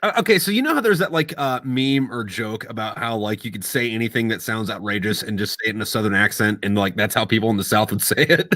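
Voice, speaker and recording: A man talks in loose, rambling podcast chat, swearing freely and laughing at his own jokes. His voice is bright and sharp, recorded close and dry. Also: fairly low pitch, expressive, fast, no echo. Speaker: podcast guest. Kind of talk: casual chat.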